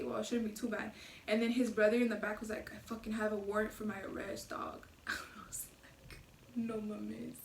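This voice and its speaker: A woman's voice: on the high side, recorded from a distance. A young woman tells a wild story in a casual vlog, swearing freely and acting out the men's voices. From Los Angeles area. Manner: animated, swears a lot, acts out the men's voices. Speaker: vlogger telling a story. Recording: echoey room, mic set back.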